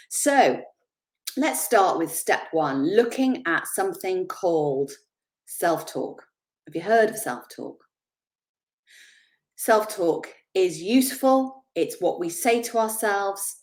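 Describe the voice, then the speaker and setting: A middle-aged woman giving a chatty, animated motivational talk on confidence, laughing at herself as she goes. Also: medium pitch, a little slow. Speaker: confidence speaker.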